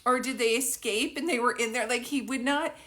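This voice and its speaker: Talking into a phone during a live reading, this psychic medium thinks out loud, rambles, and keeps breaking into giggles. She speaks a little high and a little fast, with a fairly bright tone.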